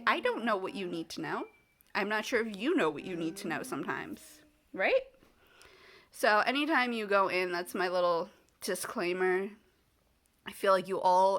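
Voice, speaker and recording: A woman from the United States vlogging to the camera with a bright, clear voice. She rambles through casual chat full of fillers and restarts. When she is fed up she acts out the people in her story. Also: medium pitch.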